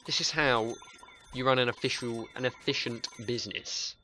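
A man's voice: medium pitch, steady tone, normal speed, sharp tone, a little hiss or hum. A man commentating a game playthrough, hyper and sweary, reading the objectives aloud as he goes.

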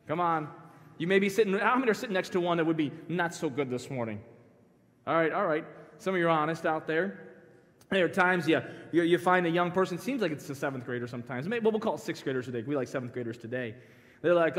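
High-voiced joking pastor in a hall. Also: male voice, fairly quick. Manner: joking, animated storytelling with the crowd. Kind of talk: youth conference sermon. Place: church sanctuary. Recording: long hall reverb.

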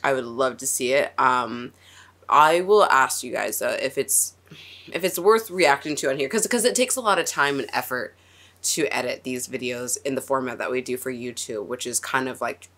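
A woman's voice: a bass voice, moderate pace, a bit bright. A woman hosting a TV reaction video, talking in a rambling, emotional way, with frequent laughs and restarts. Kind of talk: casual TV reaction and review.

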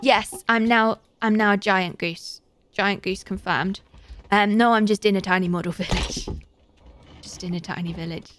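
A woman's voice: mid-range voice, normal speed, fairly bright tone, slight background noise. A young woman giving chatty, giggly live commentary as she plays a game and thanks her viewers. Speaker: live streamer.

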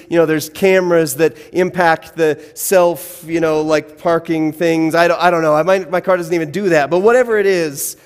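A man preaching a sermon as pastor, telling a personal story with wry, self-deprecating humor. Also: on the high side. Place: church sanctuary. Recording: long church-hall reverb.

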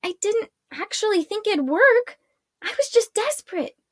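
A woman voicing a feisty young witch girl in a high, bright, indignant voice for a storybook read-aloud. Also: very animated, measured pace, no room sound, clean studio sound, full character voice.

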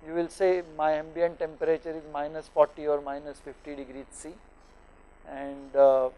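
A middle-aged man from India explaining thermodynamics to teachers in a lecture studio, pausing often with fillers as he works through examples. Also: fairly high pitch, darkish tone, poor audio.

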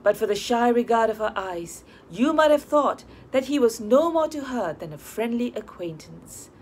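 A woman narrating an audiobook of a short story, reading in a measured, expressive way. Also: fairly high pitch, husky.

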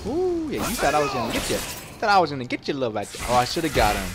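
A man giving live commentary while playing a video game, excitable and playful, trash-talking his opponents. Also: medium pitch, racing. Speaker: gamer. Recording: game music loud under the voice. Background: game music.

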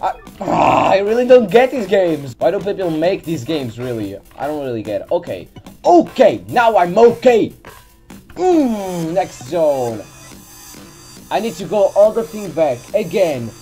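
Here a gaming channel host speaks in a lowish, very animated and mellow voice at a moderate pace. She swears and scolds her character in exasperation during let's-play commentary, sitting near a desk mic by the keyboard with faint game music in the background.

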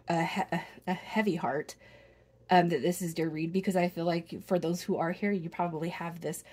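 Husky, emotional tarot-reading woman. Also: fairly low pitch, darkish tone. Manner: earnest, emotional, rambling with many restarts. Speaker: tarot reader. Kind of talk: spoken tarot reading to viewers.

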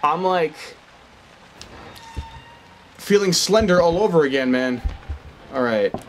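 A young man hosts a let's play from home, wearing headphones with a desk mic, his voice fairly high, animated and slow. Nervous and stammering, he swears and pleads aloud as he plays, with slight background noise in the mix.

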